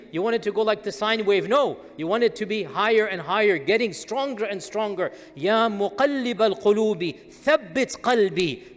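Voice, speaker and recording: A man giving an earnest, emphatic sermon, repeating key phrases and reciting Arabic supplications slowly. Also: sits high, fairly bright tone. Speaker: preacher. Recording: long hall reverb.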